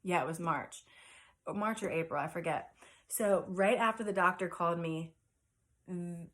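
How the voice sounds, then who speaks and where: Earnest woman with a low voice. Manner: earnest, halting, many fillers and restarts; emotional, close to tears at times. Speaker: vlogger sharing a personal story. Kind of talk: casual personal storytelling to camera.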